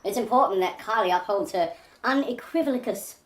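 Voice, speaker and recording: A woman's voice: mid-range voice, moderate pace, echoey room, natural voice. A woman putting on the voice of a prim, pompous woman who insists she is right. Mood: haughty.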